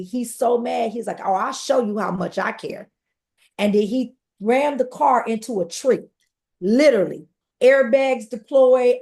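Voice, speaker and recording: A woman, a podcast guest telling her personal story in a lively conversational way. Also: a little high, creaky. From Detroit. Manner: animated, conversational storytelling with acted-out quotes.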